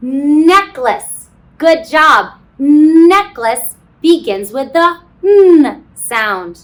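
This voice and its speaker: A woman teaching a phonics lesson to kindergarten children, slow and sing-song, encouraging, with playful sound effects. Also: sits high, expressive. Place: classroom.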